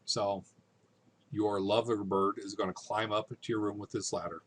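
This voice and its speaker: A man's voice: fairly low pitch, little pitch movement, moderate pace, slightly rough. A man teaching a literature lesson in a casual, conversational way, often checking in with his listeners.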